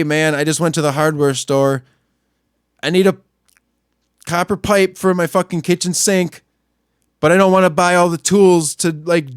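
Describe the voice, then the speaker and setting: A high-voiced man, an adult not much older than a young store clerk, hosts a podcast and delivers a profane, ranting monologue. He's angry and crude, swinging between muttering and yelling, and the studio sound is clean with no echo.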